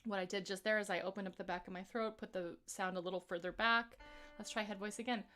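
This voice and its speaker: A woman vocal coach leading a live-streamed singing warm-up, explaining exercises in a relaxed, chatty way between scales. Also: mid-range voice, fast talker, faint music behind.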